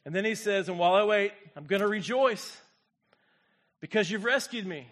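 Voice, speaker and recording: A man preaching a sermon as pastor, swinging from quiet, low reflection to loud, fervent exclamation and calling on the congregation to respond. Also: lively intonation, moderate pace. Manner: speaks to the congregation directly, asks for responses.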